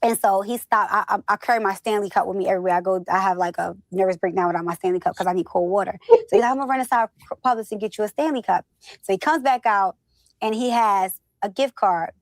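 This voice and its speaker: A woman from the northern United States, an interview guest telling stories in a lively, chatty way and acting out quoted dialogue. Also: medium pitch, fast talker, no echo. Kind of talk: casual storytelling chat.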